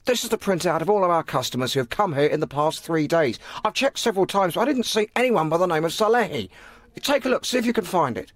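Man as talkative hotel desk clerk, suspicious, high voice, lively swings in pitch, dubbed drama. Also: quick pace, dry recording. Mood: explaining. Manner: chatty, incredulous.

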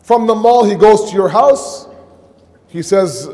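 A man's voice: high voice, slow, a little mellow. A man giving a sermon at a mosque, telling a story and acting out the dialogue, with rhetorical questions for the congregation. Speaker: preacher. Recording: long hall reverb.

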